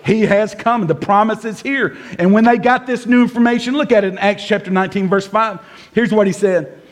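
A high-voiced man preaches to his congregation. He tells the story in an animated way and acts out the figures as he goes. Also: a little fast. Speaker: pastor. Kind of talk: sermon. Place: church service before a congregation.

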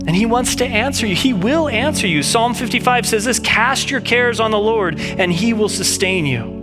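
A man's voice: high-pitched, expressive, normal speed, hardly any pauses, loud music behind the voice. A man preaching a sermon in an earnest, conversational way, reading scripture and often restarting his sentences. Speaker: pastor.

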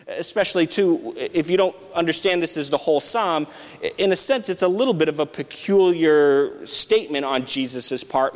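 A man's voice: on the high side, long reverb tail, low-quality recording. A man preaching an expository sermon, explaining step by step in a thoughtful way, with frequent restarts.

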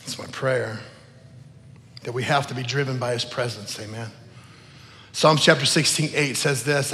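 A man's voice: mid-range voice, steady tone, moderate pace, long pauses, pushed and bright, a little hiss or hum. A man pastor preaching a sermon in an earnest, emotional manner, praying aloud between points. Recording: long reverb of a large hall.

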